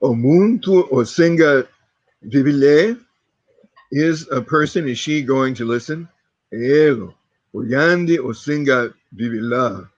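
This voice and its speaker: A man's voice: mid-range voice, lively intonation, slow pace, dry recording. A man practicing sentences in an online language class, careful and asking about pronunciation, over a call microphone. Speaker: student. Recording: dull, dry lo-fi call audio.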